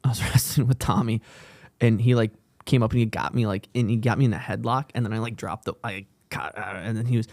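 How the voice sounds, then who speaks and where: A man's voice: mid-range voice, quick pace, no echo. A young man co-hosting a comedy podcast, telling stories in a loose, swearing, laughing manner. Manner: animated storytelling, swearing, laughing often. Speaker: podcast co-host. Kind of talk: casual chat.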